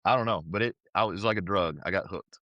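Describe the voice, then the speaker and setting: A man's voice: low-pitched, fast talker, no echo, muffled recording. A man being interviewed on a podcast, telling a personal story in a casual, earnest way and often saying "dude" and "man". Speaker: podcast guest, powerlifter.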